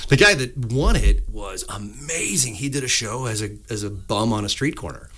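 Animated male musician telling stories. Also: medium pitch, normal speed. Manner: animated storyteller, acts out voices in anecdotes. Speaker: musician guest. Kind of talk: casual radio interview. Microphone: studio microphone.

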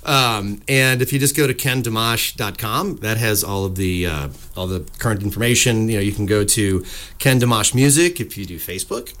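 A middle-aged man talking into a studio mic as a radio guest. He tells stories with animated swings in pitch and loudness and slips into playful voices for the people in them. His talk is loose and rambling, full of fillers. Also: moderate pace. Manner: animated storyteller, acts out voices in anecdotes. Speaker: musician guest. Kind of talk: casual radio interview. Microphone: studio microphone.

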